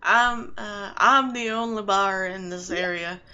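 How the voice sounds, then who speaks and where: A woman's voice: mid-range voice, measured pace, bright, forceful tone, smooth, muffled recording. A woman voicing a friendly female barkeeper in a put-on Southern US accent, with a drawling, welcoming manner.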